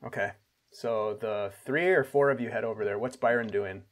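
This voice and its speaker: A man's voice: on the low side, moderate pace. A man narrating a tabletop game as game master, laid back, with fillers and restarts.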